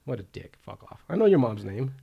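A man's voice: mid-range voice, big pitch swings, fairly quick, creaky, breathy edge, muffled recording. A man hosting a podcast, swearing casually and pushing the segments along. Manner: bossy, swearing, running the segments. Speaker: podcast host. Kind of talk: casual crude banter.

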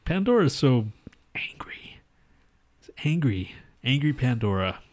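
A man co-hosting a podcast in loud, joking, profane banter. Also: lowish voice, expressive, moderate pace. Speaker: podcast co-host. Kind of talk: casual chat.

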